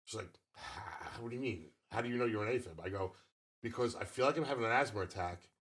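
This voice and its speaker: A man's voice: on the low side, fast talker, a bit bright, husky. A man in his fifties co-hosting a podcast, telling a long story in casual chat and swearing freely. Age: 50s. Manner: profane, rambling storyteller. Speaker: podcast co-host.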